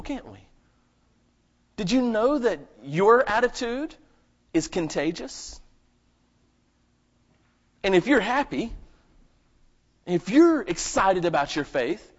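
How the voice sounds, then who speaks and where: Emphatic male preacher on a lo-fi recording. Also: high-pitched. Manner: swings between loud, emphatic bursts and quiet asides; asks the congregation rhetorical questions. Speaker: pastor. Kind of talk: live sermon. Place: church service. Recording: lo-fi dull recording.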